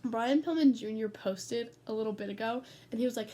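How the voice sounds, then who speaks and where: Chatty teenage girl with a high voice. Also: normal speed, dark tone. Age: teens. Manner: chatty, sidetracked, swears freely. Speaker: vlogger. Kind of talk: casual rambling storytelling. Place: bedroom at home.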